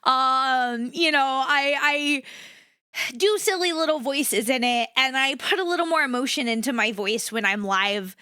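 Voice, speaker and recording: A young adult woman VTuber chatting casually on a live stream, moving between upbeat energy and a flatter low-key tone. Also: measured pace, smooth, no room sound, studio quality. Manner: animated, shifts between bright energetic and low flat delivery.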